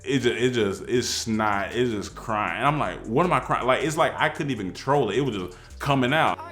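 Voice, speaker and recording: A man telling a personal story in a casual, animated way, acting out the people in it. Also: medium pitch, normal speed, soft background music. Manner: animated, excitable storytelling with voiced quotes.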